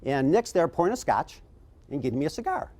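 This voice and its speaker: A middle-aged man speaks to a conference audience, his voice a touch higher than most men's. He tells stories in a lively way and jumps his pitch up when he acts out the people in them. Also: brisk. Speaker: keynote speaker. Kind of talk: conference keynote storytelling.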